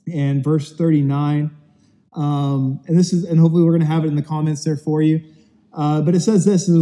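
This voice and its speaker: Pastor in an echoing hall. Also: male voice, fairly high pitch, mellow. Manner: chatty, telling dad jokes with self-deprecating asides. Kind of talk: casual sermon to an online audience. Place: empty church auditorium. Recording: long reverb of a large hall.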